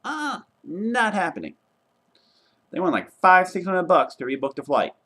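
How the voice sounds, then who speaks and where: A young man vlogging casually, retelling a travel mishap in an exasperated, animated way and swearing now and then. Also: on the high side, moderate pace. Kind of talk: casual travel vlog rant.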